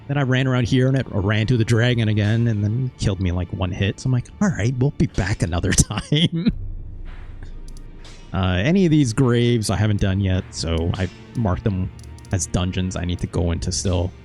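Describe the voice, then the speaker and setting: A man's voice: lowish voice, fairly quick, darkish tone, faint music behind. A man hosting a gaming video, recapping his playthrough in rambling, casual commentary and swearing offhandedly. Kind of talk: casual let's-play commentary.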